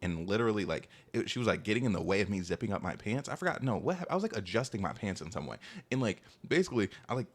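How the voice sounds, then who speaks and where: A young man in his twenties telling a casual, rambling story about his dating past, animated and full of asides. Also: lowish voice, very fast. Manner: animated, rambling, heavy use of "like". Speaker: storytime vlogger.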